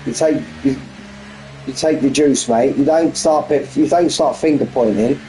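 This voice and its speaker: A man calls a sim race in a loose, chatty way, stopping to tease viewers and saying things twice. His voice is mellow and warm. A faint hiss sits under the recording. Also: medium pitch, normal speed, low-quality recording. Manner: bantering, repeats himself, chats with viewers. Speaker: sim racing commentator. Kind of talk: casual live-stream commentary.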